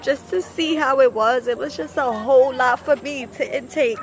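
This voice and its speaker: A woman's voice: high voice, moderate pace, few pauses, distant mic. A young woman speaking in a heartfelt, emotional way about how proud she is of her husband. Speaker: vlogger, wife. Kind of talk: casual chat.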